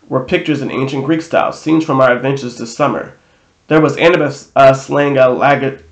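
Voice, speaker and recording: A man reading a novel aloud in a casual way, now and then correcting himself. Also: mid-range voice. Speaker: audiobook reader. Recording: roomy echo.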